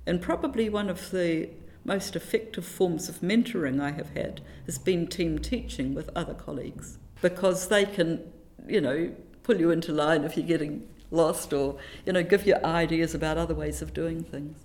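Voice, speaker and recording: Woman, middle-aged, from New Zealand, somewhat low voice, animated, self-deprecating, quotes sayings, interview guest. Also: normal speed. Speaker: interviewee, teacher educator. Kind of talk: reflective conversational interview.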